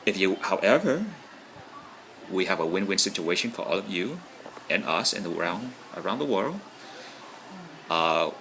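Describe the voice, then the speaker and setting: A man's voice: low-pitched, gravelly, bright, forceful tone, slight background noise, rough recording. A man talking casually to camera in a rambling monologue, often checking in with "right?". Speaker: vlogger.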